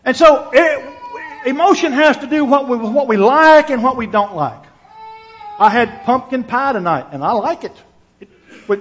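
A man preaching a sermon to his congregation, earnest, restarting his words and putting questions to the listeners. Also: very high voice. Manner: earnest, repeats words while thinking, asks the listeners questions. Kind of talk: sermon with scripture reading. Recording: dull lo-fi recording.

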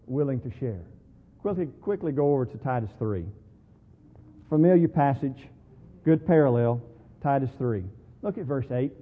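A man preaching a sermon, moving between quiet talk and loud, slow emphasis on key words. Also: on the high side, slightly rough. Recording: tinny phone-like sound in a reverberant hall.

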